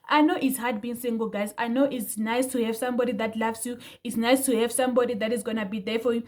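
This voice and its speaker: A woman's voice: a little high, fairly even intonation, fast talker, hardly any pauses, a little mellow. A young woman talking to her viewers in a heated, indignant way, repeating herself for emphasis. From South Africa. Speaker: vlogger. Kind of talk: casual commentary to camera.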